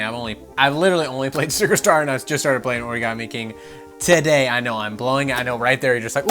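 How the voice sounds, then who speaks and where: A man giving opinionated gaming commentary, animated and swearing as he mocks the people he quotes. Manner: animated, swears, mocking quoted voices with big pitch jumps.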